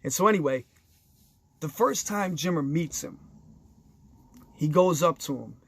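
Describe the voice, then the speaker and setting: A man's voice: fairly high pitch, measured pace, gravelly, breathy edge, no echo. Enthusiastic man telling stories, dry sound. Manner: enthusiastic, conversational, addresses listeners directly; briefly acts out other people's voices in quoted dialogue. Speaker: storyteller sharing basketball anecdotes. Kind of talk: casual storytelling monologue.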